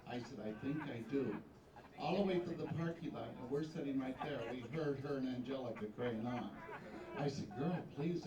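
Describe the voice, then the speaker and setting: A fairly high-voiced man works a pageant stage, chatting and teasing the crowd between contestants. His voice carries from a distant stage microphone through an echoing hall, with audience noise around it. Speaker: pageant host. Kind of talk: live stage emcee banter. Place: large hall with live audience.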